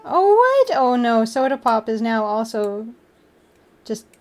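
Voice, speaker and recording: A woman's voice: fairly high pitch, fairly even intonation, unhurried, darkish tone. A young woman hosting a casual livestream, chatting and laughing, cooing at her cats between remarks to viewers. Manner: giggly, chatty, baby-talks to her cats. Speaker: livestream host.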